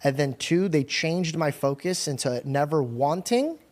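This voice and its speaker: Slangy young man, higher voice. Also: expressive, unhurried, a little mellow. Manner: loose, slangy storytelling with swear slips. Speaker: podcast co-host. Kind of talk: casual chat.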